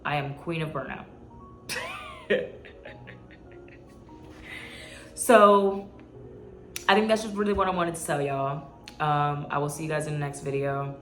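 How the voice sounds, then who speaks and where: A woman's voice: low-pitched, steady tone, moderate pace, fairly bright tone, echoey room, soft background music. A woman in her twenties talking earnestly to her viewers in a casual vlog, rambling and emotional. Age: 20s. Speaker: YouTuber. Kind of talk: heartfelt vlog talk.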